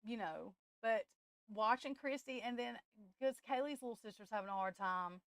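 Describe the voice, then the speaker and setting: A woman's voice: fairly high pitch, fairly bright tone, smooth, no room sound. A woman hosting a live stream, talking with passion and near tears, breaking off and restarting, calling her viewers y'all. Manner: impassioned, tearful, halting restarts, addresses viewers as y'all. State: close to tears. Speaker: tarot livestream host. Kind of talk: emotional live-stream chat.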